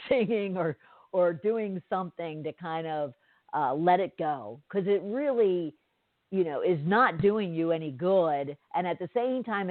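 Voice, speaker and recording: A low-leaning female voice carries this podcast host's casual story, told in a rambling, talkative style with plenty of fillers and digressions. There's no echo; the sound is dry and thin, much like a telephone.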